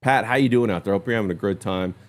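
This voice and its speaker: A man hosting a casual livestream talk show, upbeat, giving shout-outs to chat. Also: on the low side, fast talker. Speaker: host.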